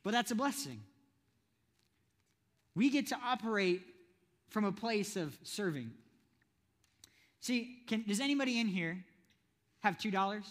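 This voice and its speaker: A man with a notably high voice delivers a youth sermon in a church hall. He keeps it playful, pulling the audience in with questions. A long reverb trails off every phrase. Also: expressive, moderate pace, pauses often. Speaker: youth preacher.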